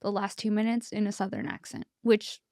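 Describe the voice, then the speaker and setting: A woman's voice: mid-range voice, flat delivery, fairly quick, gravelly, a little mellow, no room sound, clean studio sound. A woman in her thirties from the Valley, a comedian and podcast host telling rambling stories in casual chat, often laughing. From the San Fernando Valley, California.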